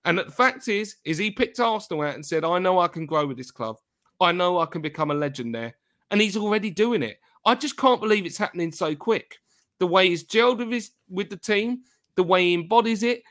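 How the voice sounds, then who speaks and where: A man hosting a casual football podcast, talking in an excitable, gushing way with halting restarts. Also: high voice. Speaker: podcast host.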